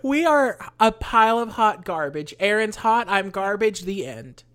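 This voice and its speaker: A woman's voice: medium pitch, animated, unhurried, fairly bright tone. A woman co-hosting a podcast in casual chat, chatty and wry with self-mocking jokes. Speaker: podcast co-host.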